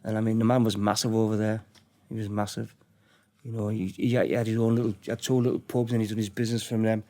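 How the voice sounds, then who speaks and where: On this podcast, a middle-aged guest with a lowish, mellow voice keeps a level tone and a quick pace while casually relating crime stories. He rambles, repeats himself, and acts out quoted exchanges.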